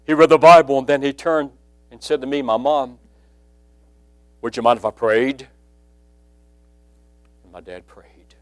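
A man preaching a sermon, telling a personal testimony and building from quiet storytelling to loud emphasis. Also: medium pitch, a little slow, long pauses.

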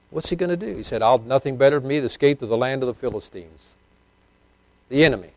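An older man preaching a sermon in a mid-range voice. He swings from loud, emphatic bursts to quiet, low asides, and he chuckles as he puts questions to his congregation. The sound is dry and close, with no room echo. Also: animated, normal speed.

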